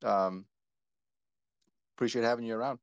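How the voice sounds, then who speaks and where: A man hosting a casual live audio chat, relaxed and joking as he calls on speakers. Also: mid-range voice, normal speed, smooth, dry recording, lo-fi sound. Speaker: host.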